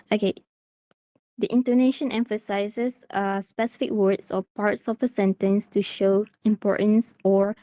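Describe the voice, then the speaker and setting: A woman's voice: mid-range voice, mellow, no room sound. A woman from Malaysia teaching an online English class, explaining steadily with many "okay" and "uh" fillers.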